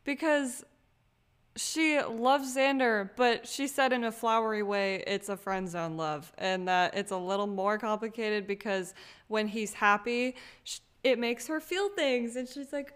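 A young woman co-hosting a casual book podcast, reasoning through her view with quick giggles. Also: on the high side, fairly bright tone, clear, resonant tone. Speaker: podcast co-host. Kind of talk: casual book club chat.

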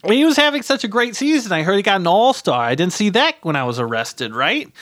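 A man's voice: high-pitched, sing-song, fast, hardly any pauses, a bit bright, no echo, studio quality. A middle-aged man telling a rambling comic story as a podcast guest, stumbling over repeated words and tagging his lines with "right?".

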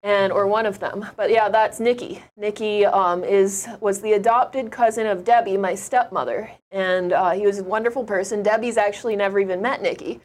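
Woman guest rambling happily about her trip, chatty, mid pitch voice. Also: fairly even intonation, normal speed, few pauses. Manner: chatty, upbeat, rambling anecdotes. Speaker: interview guest, traveler. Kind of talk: conversational travel storytelling.

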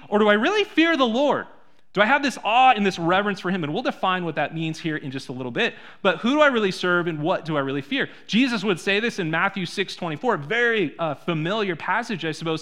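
A man preaching a sermon in a church, conversational, full of rhetorical questions, swinging between soft and loud. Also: high-pitched. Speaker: pastor.

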